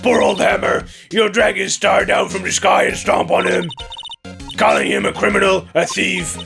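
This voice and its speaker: A woman voicing a cranky, fiercely protective old woman who scolds with a gravelly growl. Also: medium pitch, flat delivery, moderate pace. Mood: indignant. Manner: scolding, indignant. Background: game music.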